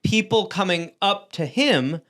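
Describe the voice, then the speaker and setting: A man's voice: high-pitched, a little slow. A man co-hosting a podcast, telling a story in casual, profane talk and acting out the people he quotes. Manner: animated, profane, acts out quoted voices. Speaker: podcast co-host.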